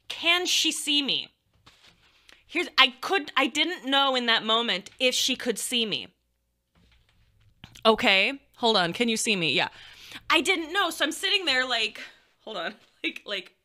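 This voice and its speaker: Bright, lively young woman storyteller. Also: sits high. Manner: animated, laughing, crude and self-mocking. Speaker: streamer telling a story. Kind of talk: casual storytelling to chat.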